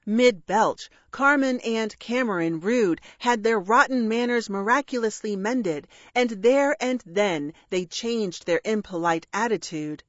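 A woman reading a rhyming children's story aloud with a measured, expressive delivery. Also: a little high, no room sound, lo-fi sound. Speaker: narrator.

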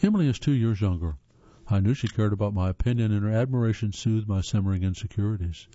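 A man's voice: on the low side, fast talker, mellow. A man from the northern United States reading articles aloud as a host, earnest, with spoken asides and occasional stumbles. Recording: slightly dull lo-fi sound.

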